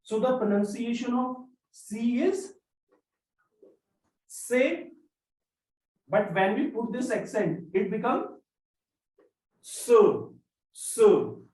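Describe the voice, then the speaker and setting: A teacher walks through a language lesson at an unhurried pace, repeating each example and its meaning. The voice sits in an echoey room, picked up from some distance away from the mic. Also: mid-range voice, darkish tone. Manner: slow, repetitive drilling of examples. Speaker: French teacher. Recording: roomy echo, mic far off.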